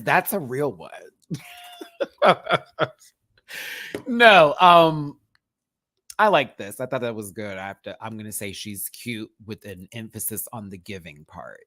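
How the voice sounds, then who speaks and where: A man hosting a live review stream in a campy, expressive, chatty manner, laughing often. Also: mid-range voice, no room sound, clean studio sound. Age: adult, remembers childhood. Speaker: host reviewing a TV competition. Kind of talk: live-stream commentary chat.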